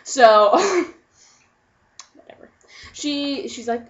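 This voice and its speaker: A woman's voice: on the high side, animated, slow, long pauses. A young woman casually telling a story on camera, chatty and giggly, acting out her friends' lines. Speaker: vlogger. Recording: dull lo-fi home recording.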